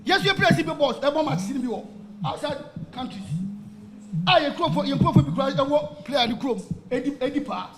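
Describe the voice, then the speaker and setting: A man's voice: very high voice, brisk, slight background noise. A man with a Ghanaian accent, a football supporter talking with passion on radio and switching between Twi and English. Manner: mixes Twi and English, animated and emphatic. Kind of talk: impassioned radio talk.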